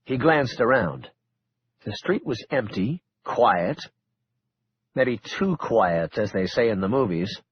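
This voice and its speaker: A man's voice: lowish voice, animated, takes it slowly, lo-fi sound, a little hiss or hum. A man narrating an audiobook thriller in a wry, dramatic storytelling manner. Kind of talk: scripted narration.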